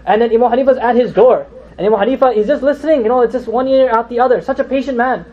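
A man giving a storytelling sermon as a religious lecturer. He is animated, acts out the quotes, and keeps asking "you know?" and "right?". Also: extremely high pitch, racing. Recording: dull lo-fi recording.

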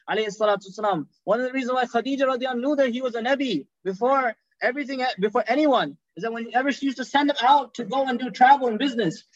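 High-voiced, fast-talking male preacher. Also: no echo. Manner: animated storytelling, quick talk with repeated restarts. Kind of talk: sermon storytelling. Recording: dull, dry lo-fi sound.

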